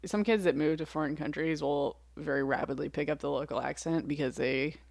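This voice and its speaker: A woman's voice: low-pitched, steady tone, fairly quick, gravelly, darkish tone, no room sound. A woman co-hosting a podcast in casual chat, thinking aloud and hedging with lots of "like"s. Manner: hesitant, thinks aloud with many "like"s. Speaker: podcast co-host.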